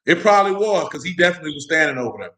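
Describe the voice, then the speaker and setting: A man's voice: fairly high pitch, expressive, very fast, sharp tone, low-quality recording. A young man preaching in a loose, conversational way, mixing stories and slang and often asking if listeners follow him. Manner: street-casual, asks "you know what I'm talking about?". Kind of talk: casual sermon with storytelling.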